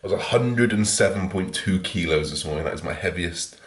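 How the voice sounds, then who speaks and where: A man with a deep, slightly raspy morning voice, chatting frankly as a fitness vlogger and swearing now and then. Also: fairly quick, echoey room. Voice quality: deep, a little raspy from waking. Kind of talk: casual vlog chat. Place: at home just after waking, echoey room.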